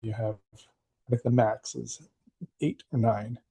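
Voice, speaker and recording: A man's voice: medium pitch, level tone, takes it slowly, gravelly, warm tone, slightly rough. A man in casual podcast conversation, rambling with many fillers and restarts as he talks about running games. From United States. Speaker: game master and guest.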